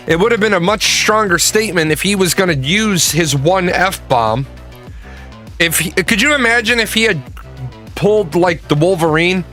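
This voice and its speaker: Blunt, bright-voiced man ranting. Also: sits high. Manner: blunt, profane, emphatic. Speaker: political commentator. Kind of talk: casual opinion rant.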